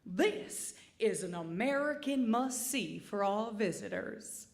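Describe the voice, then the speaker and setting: A woman's voice: mid-range voice, expressive, slow, creaky, voice pushed down. A woman voicing a male GPS navigation unit that announces sights in a stiff, formal tone. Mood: announcing.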